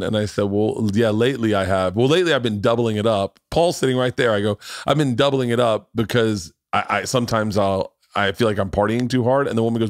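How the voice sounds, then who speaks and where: On this podcast, the host, a man in his forties, talks in a voice on the low side, fairly quickly and with few pauses. The sound is studio quality without room tone, and his casual stories are rambling, profane, and punctuated by laughter at his own jokes.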